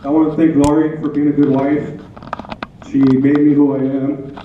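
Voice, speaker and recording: A man's voice: fairly high pitch, flat delivery, moderate pace, slight background noise. A man giving a rambling, heartfelt tribute to his late wife, full of anecdotes and repeated phrases. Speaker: widower giving a tribute speech. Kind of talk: personal storytelling speech. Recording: echoey hall, tinny and from far off.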